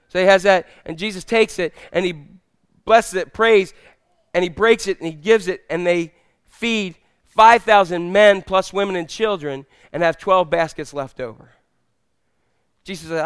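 Preacher guy telling bible stories, high clear voice, dry sound. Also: normal speed, no echo. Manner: animated storytelling, acts out characters. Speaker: pastor. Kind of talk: sermon.

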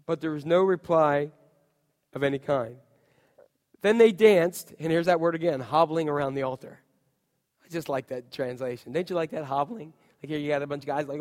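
A man preaching a sermon who tells the story in a humorous, animated way and jokes with the congregation. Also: a little high, normal speed, big-room sound. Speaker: pastor.

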